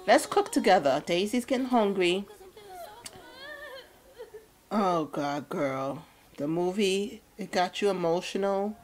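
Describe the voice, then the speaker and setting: A woman's voice: mid-range voice, animated, takes it slowly, pauses often, a little mellow, a little hiss or hum. A woman hosting a gameplay video, chatting playfully and casually with slangy asides. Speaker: let's play host.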